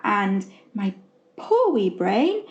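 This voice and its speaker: A woman co-hosting a podcast at an unhurried, slow pace. She talks gently and reflectively, pausing often on fillers and restarting her sentences. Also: mid-range voice, sing-song, dull audio. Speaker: podcast co-host. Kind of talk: casual chat.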